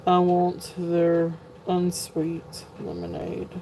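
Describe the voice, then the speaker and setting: A woman's voice: lowish voice, completely flat delivery, very slow, creaky, noisy background. A woman, hosting a live sale stream in a chatty, flustered way with sighs and laughs. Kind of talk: casual live-stream chat.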